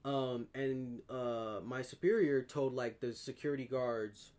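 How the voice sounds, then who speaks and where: A man's voice: medium pitch, fairly even intonation, unhurried, a little mellow. Laid-back, profane young man telling a story. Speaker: podcast co-host. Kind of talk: casual storytelling.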